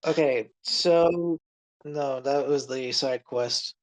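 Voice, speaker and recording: A man chatting on a podcast, explaining himself in rambling, halting sentences full of restarts. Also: medium pitch, rough recording. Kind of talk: casual podcast chat.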